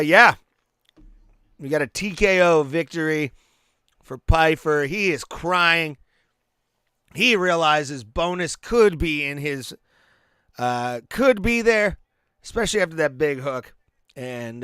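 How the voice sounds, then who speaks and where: A man's voice: fairly high pitch, fairly bright tone, clear, resonant tone, dry recording, studio quality. A man hosting a live stream, giving laid-back play-by-play and reactions to fights, with fillers and restarts. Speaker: podcast host.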